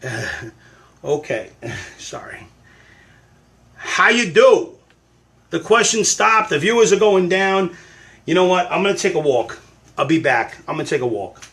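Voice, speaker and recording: A man's voice: a little high, animated, normal speed, vocal fry, fairly bright tone. A man hosting a casual livestream Q&A with fans, hamming up mock frustration and sudden outbursts. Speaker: livestream host answering fan questions. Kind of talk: casual live-stream Q&A.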